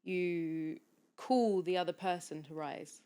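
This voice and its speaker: A woman with a lowish voice talks as a podcast guest. She is soft and earnest, and her sentences flow along with plenty of fillers in a relaxed conversation. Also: slow pace, clear, resonant tone. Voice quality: soft, flowing, earnest delivery with many fillers. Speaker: podcast guest, hypnotherapist and coach.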